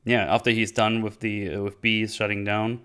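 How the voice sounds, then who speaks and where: A man hosting his own show, casually retelling scenes with filler words and quick quoted lines. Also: lowish voice, little pitch movement, a bit bright, clean tone. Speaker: podcast host recapping a series. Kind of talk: casual chat.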